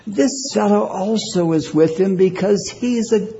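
A man's voice: sits high, measured pace, dark tone, muffled recording, a little hiss or hum, voice pushed up. A man voicing a confident male accuser who keeps pressing his charge, stretching out his words for emphasis. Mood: accusing.

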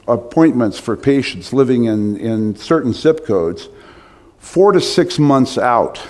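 A man's voice: on the low side, darkish tone. A middle-aged man preaching a sermon, telling stories with emphatic, rising stresses.

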